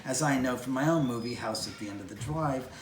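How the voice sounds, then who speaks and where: Speaking briskly at a medium pitch, a homeowner and film producer tells a casual anecdote outdoors on location, full of energy as he acts out the voices of the people involved. The recording is echoey and distant, with slight background noise and faint outdoor ambience.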